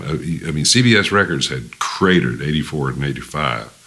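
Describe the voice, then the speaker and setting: A man's voice: rumbling low, expressive, moderate pace, pushed and bright. An older man, a musician guest, telling rambling stories in a casual interview, with many fillers and restarts.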